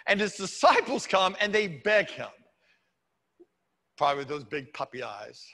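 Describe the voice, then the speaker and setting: A man's voice: sits high, big pitch swings, moderate pace, gravelly, long pauses, bright, forceful tone, long reverb tail. A man preaching a sermon as pastor in a church, talking conversationally with wry humorous asides. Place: church sanctuary.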